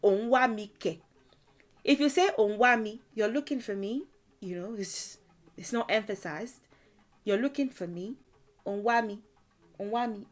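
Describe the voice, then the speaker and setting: A woman's voice: medium pitch, a little slow, pauses often. Chatty woman teaching a language lesson. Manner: chatty, frequent "you know", laughs often. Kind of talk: casual explanatory lesson.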